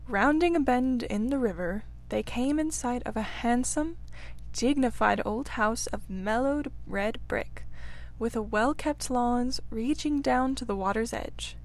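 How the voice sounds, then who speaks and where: A woman reads a classic children's story aloud. Her delivery is gentle and measured, in a voice pitched slightly high. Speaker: audiobook reader. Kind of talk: storybook narration.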